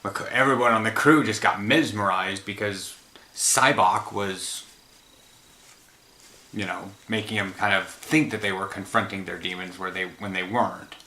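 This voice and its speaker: A man's voice: fairly low pitch, normal speed, pushed and bright. A tired man after a run, hosting a casual chat about films and rambling, often trailing off mid-thought. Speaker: host. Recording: roomy echo.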